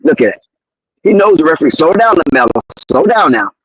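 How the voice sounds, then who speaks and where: A man doing fan play-by-play of a basketball game, excitable, slangy and loudly outraged at the referees. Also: on the high side, fairly quick, husky, rough recording. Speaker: live game commentator.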